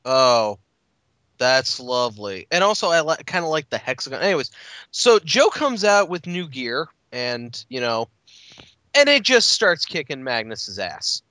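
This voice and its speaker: A man's voice: mid-range voice, very animated, measured pace, pushed and bright, no echo. A man co-hosting a wrestling podcast, rambling casually with swearing and laughter. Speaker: podcast co-host. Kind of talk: casual chat.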